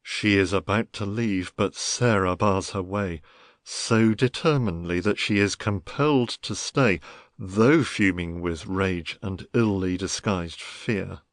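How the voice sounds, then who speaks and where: A narrator reading stage directions in a play reading with a plain, even delivery. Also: low-pitched, slow, no room sound, clean studio sound.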